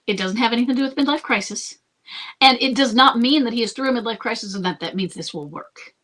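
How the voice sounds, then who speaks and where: A woman's voice: on the high side, fast talker, a bit bright. Earnest woman giving marriage advice. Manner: earnest and reassuring, often checks in with "okay?"; thinks aloud with restarts and self-corrections. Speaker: marriage coach answering listener questions. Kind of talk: advice monologue to camera.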